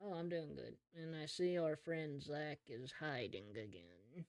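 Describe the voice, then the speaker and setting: Easygoing game master, dry close mic. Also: male voice, fairly high pitch, no room sound. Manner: easygoing, slow descriptive narration. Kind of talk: narrating a tabletop game.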